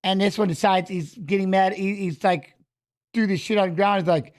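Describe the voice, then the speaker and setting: A man telling a heated story in casual chat, profane and animated, acting out what he said. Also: sits high, fairly quick. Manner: animated, profane retelling of an argument.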